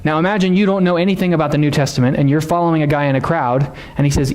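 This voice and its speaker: Speaking very fast in a darkish voice on the high side, an American pastor preaches with fairly even intonation. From a church sanctuary, he teaches conversationally and poses questions to the congregation.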